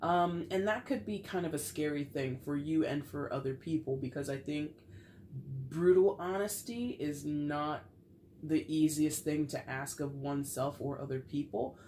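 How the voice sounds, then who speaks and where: A woman's voice: deep voice, moderate pace, warm tone, a little hiss or hum. A woman giving a casual tarot reading to camera, chatty and playful with frequent laughter, while getting over a cold. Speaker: tarot reader.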